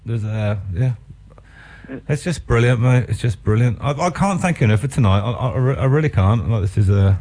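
A man hosting a radio music show, effusive and quick to call his guest mate. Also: mid-range voice, lively intonation. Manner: warmly enthusiastic, says mate a lot. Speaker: radio host. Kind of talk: casual radio interview.

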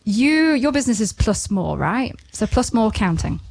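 A woman's voice: on the high side, very animated, normal speed, gravelly, a little mellow, no echo. A woman hosting a casual radio business show in the studio, bubbly and laughing, with lots of ums.

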